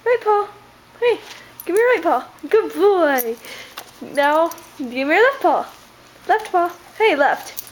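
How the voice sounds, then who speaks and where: A woman filming her dog at home on a handheld camera, calling to it in high, playful baby talk. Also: lively intonation, a little slow, slight background noise. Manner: high sing-song coaxing, playful. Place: home, indoors.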